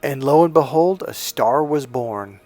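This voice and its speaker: A man's voice: medium pitch, a little slow, dark tone, faint music behind. A man in his fifties, a dating coach giving a blunt, profane, emphatic motivational monologue. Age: 50s.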